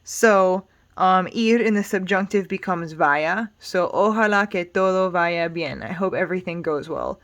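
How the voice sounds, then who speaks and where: A woman teaching Spanish grammar in a relaxed, explanatory way, patient and reassuring, thinking aloud with small fillers. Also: fairly low pitch, unhurried. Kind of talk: casual explanatory lesson.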